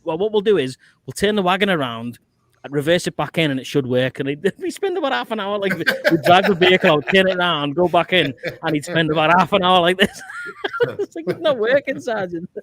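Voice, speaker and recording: A man's voice: high voice, lively intonation, fast talker, a crowd in the background. A man hosting a livestream, swearing and laughing as he tells army stories and acts out the quotes. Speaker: host. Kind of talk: casual livestream chat.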